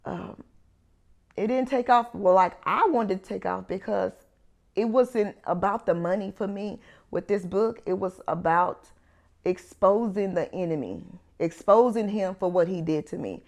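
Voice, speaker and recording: A woman's voice: mid-range voice, unhurried, darkish tone. A woman sharing a personal faith testimony in an earnest storytelling manner, acting out the dialogue she recalls. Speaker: ministry founder sharing testimony.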